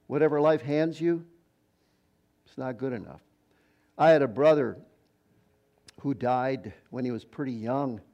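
A man's voice: medium pitch, unhurried, pauses often, highs cut off. An older retired man preaching a sermon in a conversational, storytelling way. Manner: conversational storytelling preacher, quoting others in voices. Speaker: pastor.

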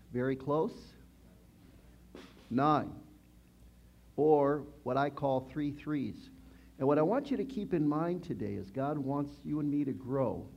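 A man's voice: a little high, vocal fry, lo-fi sound, a little hiss or hum. A man in his sixties preaching a conversational sermon, chatty, asking the congregation questions. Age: 60s.

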